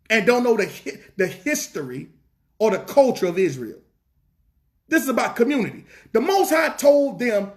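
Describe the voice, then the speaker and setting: A man's voice: high voice, fairly bright tone. A man preaching a fervent sermon in a church, repeating lines and asking the congregation rhetorical questions, with a Southern US accent.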